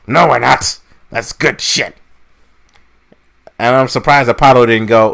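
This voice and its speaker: A man co-hosting a casual wrestling podcast, talking in an animated, mocking way and swearing freely. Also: mid-range voice, unhurried, creaky, pauses often. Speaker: podcast co-host.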